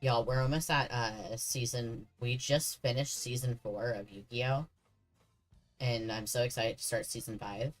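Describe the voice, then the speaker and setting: A man's voice: medium pitch, fairly even intonation, measured pace, soft background music, low-quality recording. A man streaming a horror game, chatting casually and joking with the characters on screen. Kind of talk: casual gameplay commentary.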